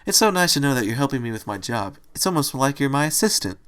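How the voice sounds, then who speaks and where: A man voicing a timid young mare turned into a rabbit, speaking hesitantly and softly. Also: medium pitch, very animated, fast talker, clear, resonant tone, pitched above the performer's own voice. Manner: hesitant, soft-spoken.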